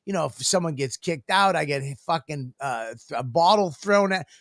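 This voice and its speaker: A man's voice: fairly high pitch, expressive, moderate pace, a bit bright, no room sound, studio quality. A man co-hosting a podcast, telling rambling stories full of swearing and laughter in casual banter. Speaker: podcast co-host, comedian.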